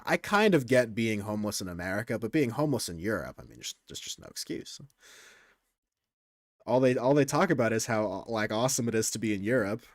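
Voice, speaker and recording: Speaking at a fairly low pitch, a young man shoots the breeze with his stream viewers in a rambling, crude way, frequently cutting himself off to begin again. It's a dry, studio-quality recording.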